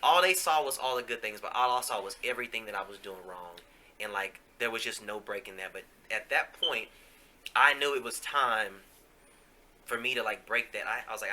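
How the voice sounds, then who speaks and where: A man's voice: fairly low pitch, normal speed, pushed and bright, a little hiss or hum. A man hosting a podcast, telling a candid personal story in a casual, profane, confessional way with plenty of fillers. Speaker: podcast host.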